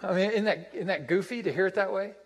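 A man's voice: sits high, quick pace, breathy edge, big-room sound, rough recording. A man preaching a sermon as pastor, emphatic and repeating his phrases for effect.

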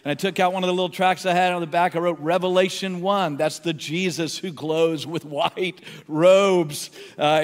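A man preaching and telling a story, his voice sitting high and carrying a long reverb from a large hall. He acts out the people he quotes. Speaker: pastor. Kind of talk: sermon storytelling.

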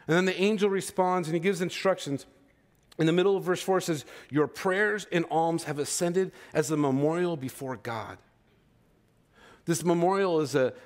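A man in his thirties preaching a sermon as pastor, in a casual, conversational way that keeps checking in with his listeners. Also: fairly high pitch. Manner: conversational, checks in with "okay?" and "right?".

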